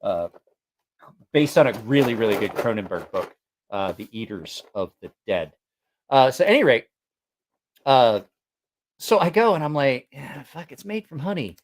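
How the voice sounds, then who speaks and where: A man's voice: mid-range voice, very animated, moderate pace, long pauses. Rambling, swearing streamer guy. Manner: rambling, swears freely, many restarts and laughs. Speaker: live streamer. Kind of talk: casual storytelling to stream viewers. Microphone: sensitive mic with headphones.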